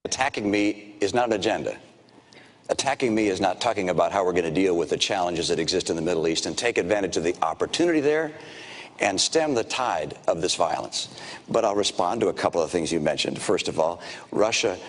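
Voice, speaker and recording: A man answering in a political debate, measured and emphatic as he lists his points. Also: sits low, in a large hall.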